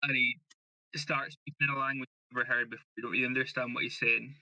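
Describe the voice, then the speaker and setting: A man's voice: medium pitch, steady tone, fast, bright, forceful tone, dry recording, lo-fi sound. A man narrating as game master of a tabletop role-playing game, telling the story steadily and quoting characters plainly.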